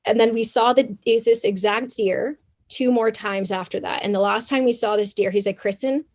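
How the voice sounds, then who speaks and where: A young adult woman from Canada, a podcast guest telling a story in an animated, chatty way with many fillers. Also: mid-range voice, normal speed. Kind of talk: casual interview storytelling.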